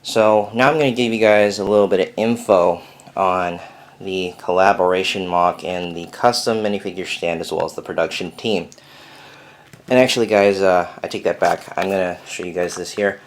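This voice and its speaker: A man's voice: low voice, normal speed. A young man giving a casual, rambling video update from his bedroom, with many fillers. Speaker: Lego builder vlogger. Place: bedroom at home.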